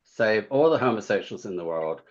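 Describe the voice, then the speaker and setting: A man's voice: lowish voice, animated, fairly quick, dull audio. A man being interviewed as an author guest, telling witty anecdotes in a campy way and chuckling often. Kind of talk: casual interview chat.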